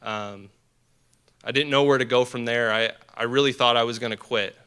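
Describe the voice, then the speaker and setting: Bright, smooth-voiced young man telling a story. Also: medium pitch, moderate pace. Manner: earnest, animated storyteller with many fillers. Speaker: guest speaker at a team dinner. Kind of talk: personal storytelling speech. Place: banquet hall.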